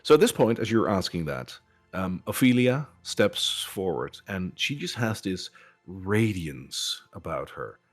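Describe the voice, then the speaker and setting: Low-voiced man narrating a game. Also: a little slow, faint music behind. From Netherlands. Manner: relaxed, filler-heavy narration. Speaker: game master.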